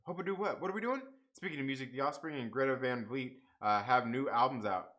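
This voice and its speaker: A man's voice: mid-range voice, fast talker, a bit bright. A young man hosting a live comics stream, chatting casually, reading the chat aloud, swearing and laughing often.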